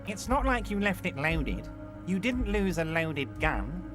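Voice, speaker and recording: A high, lively voice that swoops up and down, this is a smooth-talking, heavyset union boss. He is patronizing and falsely reassuring, and game music plays underneath him. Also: a little slow. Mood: falsely soothing. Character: jovial scheming heavyset male union boss. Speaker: video game character.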